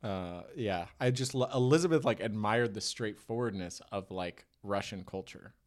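A man's voice: lowish voice, moderate pace. A man in casual conversation who retells stories with lots of filler words. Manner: animated retelling with put-on voices. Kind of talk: casual chat, storytelling.

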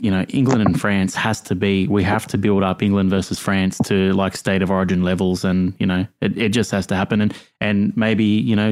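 Low-voiced podcast host. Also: male voice, a little mellow. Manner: rambling, many fillers like "you know". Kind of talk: casual call-in chat.

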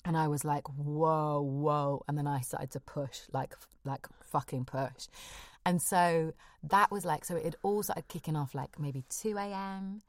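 A woman's voice: low-pitched, moderate pace, few pauses, dry recording, studio quality. A woman telling a personal story frankly and with animation in casual chat, swearing freely.

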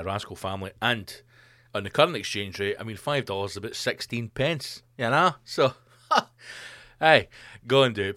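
A man's voice: medium pitch, a bit bright, dry recording, studio quality. A Scottish man hosting a comedy podcast, rambling through sweary, jokey asides. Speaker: podcast host.

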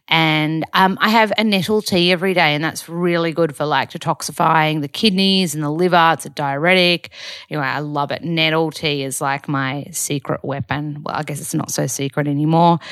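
A woman's voice: deep voice, a bit bright, no room sound. A young woman chatting casually in a rambling way about her routine for a video diary. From Australia. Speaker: vlogger and podcaster. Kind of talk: casual chat.

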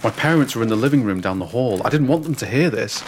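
A man narrating a comic first-person story with a deadpan, wry delivery and dry asides. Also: medium pitch, fast talker, very noisy.

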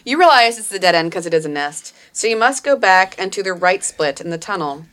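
A woman's voice: on the low side, animated, a little fast, a bit bright. A woman narrating as game master of a tabletop role-playing game, casual and chatty, with fillers.

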